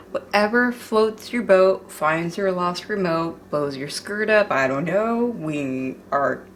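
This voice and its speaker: Chatty, slow-talking woman cooking at home. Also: medium pitch, slight background noise. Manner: chatty, jokey and self-deprecating. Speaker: cooking channel host. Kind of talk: casual home cooking vlog.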